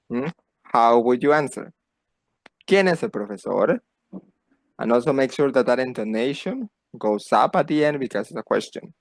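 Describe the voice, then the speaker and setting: A Spanish teacher, a native Spanish speaker, gives a slow lesson for beginners and patiently repeats phrases for learners to copy. His voice is mid-range, and the recording has no room sound.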